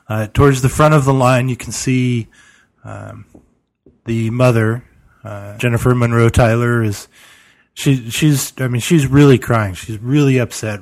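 A man narrating a tabletop game as game master, halting and full of "you know" fillers. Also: medium pitch, a little mellow.

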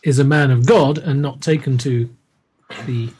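A man's voice: mid-range voice, steady tone, normal speed, darkish tone, slightly rough. A man as game master, narrating a tabletop horror game in a hesitant, descriptive way with many fillers.

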